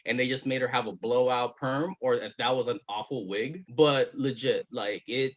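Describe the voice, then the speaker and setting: A man co-hosting a casual movie review chat, complaining about a film in an exasperated, animated way. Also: mid-range voice, moderate pace. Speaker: co-host of a movie review show.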